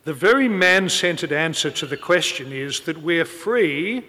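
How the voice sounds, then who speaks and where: Bright-voiced male preacher in a hall. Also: fairly high pitch, animated, a little slow. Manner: storytelling, quoting people in anecdotes. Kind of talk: sermon.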